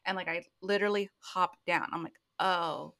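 Relaxed woman retelling a story. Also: fairly low pitch, moderate pace. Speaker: podcast guest, climbing partner. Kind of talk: casual chat.

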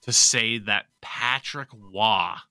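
A man's voice: lowish voice, slow pace, sharp tone, clean tone, no echo, clean studio sound. A man hosting a podcast, chatting casually about sports and joking often with a bit of profanity. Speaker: podcast host.

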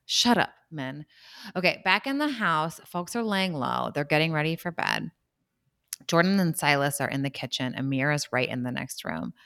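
A woman co-hosting a casual podcast, recapping a reality show with lively storytelling and quick asides. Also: sits low, vocal fry, no room sound, clean studio sound. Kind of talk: casual chat.

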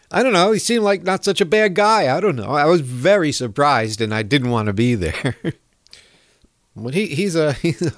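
A man's voice: on the high side, dry recording. A man talks through his political opinions on his own show, wandering from point to point with sarcastic asides. His voice rises and falls a lot as he goes. The recording is dry, with no room sound. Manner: rambling, sarcastic, with chuckles. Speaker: podcast host.

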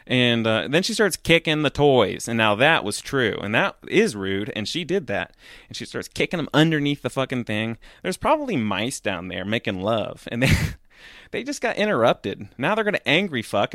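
A man's voice: mid-range voice, a bit bright, dry recording, clean studio sound. A man telling a rambling, profane comedic story, full of fillers, as a podcast host.

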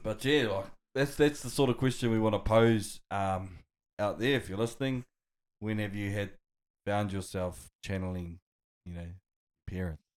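A man's voice: on the low side, moderate pace. A man co-hosting a podcast in a studio, easygoing and laughing often, tossing in "bro" as he talks. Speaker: podcast co-host. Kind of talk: casual chat.

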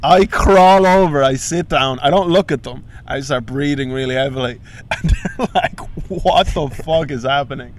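A young man telling a comic story on a podcast, swearing freely and acting out the voices of other people. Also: mid-range voice. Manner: swears a lot, acts out voices. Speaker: podcast co-host.

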